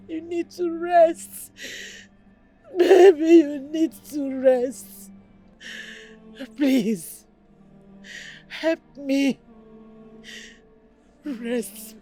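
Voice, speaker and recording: A woman's voice: high-pitched, warm tone. An actress with a Nigerian English accent playing an anguished wife who begs her husband's spirit, pleading and sobbing between words. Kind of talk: film drama acting. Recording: film soundtrack, faint music behind.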